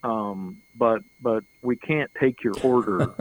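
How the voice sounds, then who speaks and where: Middle-aged man, interview guest, loose chuckling anecdote, dry close sound, medium pitch. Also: slow pace, no room sound, poor audio. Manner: rambling, chuckling, repeats words as he goes. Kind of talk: casual anecdotal storytelling.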